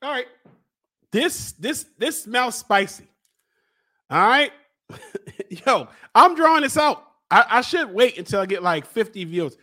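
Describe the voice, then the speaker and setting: High, lively man from Baltimore. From Baltimore, USA. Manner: playful, drawn-out, laughing often; lively, exclamatory. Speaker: podcast host. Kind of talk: casual solo vlog chat.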